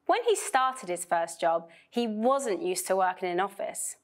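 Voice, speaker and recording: A woman from Vietnam giving a scripted pronunciation lesson for students, speaking slowly and clearly with careful emphasis. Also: medium pitch, lively intonation. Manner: slow, clear, emphatic teaching delivery. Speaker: pronunciation teacher.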